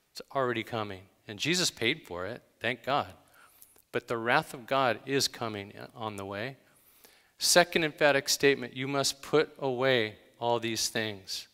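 Slightly slow and medium in pitch, this pastor's voice is pushed, bright, and smooth as he preaches in an emphatic, conversational style. Everyday anecdotes come with dramatic gasps, all echoing in long hall reverb.

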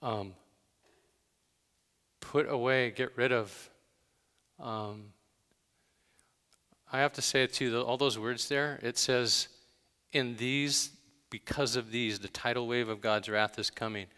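A man's voice: mid-range voice, steady tone, takes it slowly, pauses often, bright, forceful tone, clear, resonant tone. A male pastor giving a conversational, emphatic sermon, telling everyday stories with dramatic gasps. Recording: long hall reverb.

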